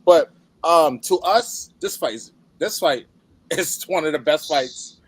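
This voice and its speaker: A man co-hosting a boxing podcast with a fairly high voice. He talks in slangy casual chat and turns animated and loud when he makes a point. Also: slow, husky, dry recording. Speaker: podcast co-host.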